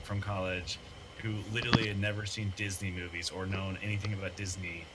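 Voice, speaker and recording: A man's voice: deep voice, level tone, fairly quick. A young man chatting casually and joking while streaming a trucking game, rambling and swearing. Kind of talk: casual chat while gaming. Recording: loud background noise.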